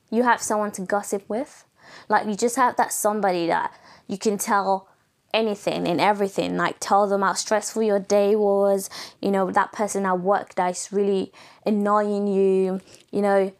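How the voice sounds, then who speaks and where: A young woman with a raspy voice, hosting a casual solo podcast in a chatty, playful way, laughing often. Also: medium pitch. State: voice going raspy. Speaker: podcast host.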